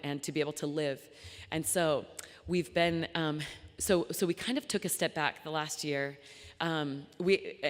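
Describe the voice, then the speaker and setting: A young woman founder giving an earnest, chatty talk to a luncheon audience, full of ums and restarts. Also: low-pitched. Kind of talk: speech to a live audience. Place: large banquet hall. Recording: long hall reverb.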